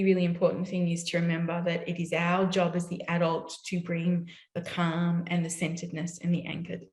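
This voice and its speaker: Woman, low pitch, chatty talk, echoey room. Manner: conversational, often checks in with "right?" and laughs. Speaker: parenting educator. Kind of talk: summit talk. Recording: roomy echo.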